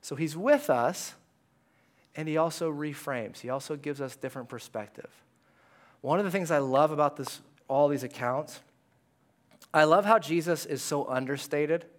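A man with a slightly high voice delivers a sermon from a church stage. He speaks in a casual, conversational way and swings between animated bursts and hushed asides. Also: normal speed. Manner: conversational and animated, dropping to hushed tones for quoted words. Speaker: pastor. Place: church sanctuary.

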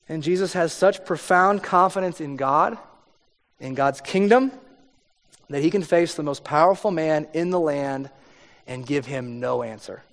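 Man, pastor, conversational sermon, slightly high voice, reverberant church hall. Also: measured pace, creaky. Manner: conversational preaching, acts out voices with rising intensity.

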